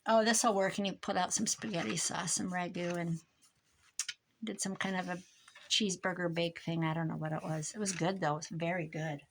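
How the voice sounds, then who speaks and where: A woman's voice: lowish voice, fairly even intonation, fairly quick, vocal fry, slight background noise. An older woman from Iowa telling a rambling story in a casual chat while she crafts at her desk, laughing often. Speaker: crafter vlogger.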